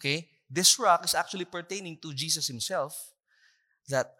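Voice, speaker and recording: Bright-voiced Filipino pastor preaching. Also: male voice, on the high side. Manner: switches between English and Tagalog, asks the congregation for responses; slows down for emphasis when quoting scripture. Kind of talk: sermon.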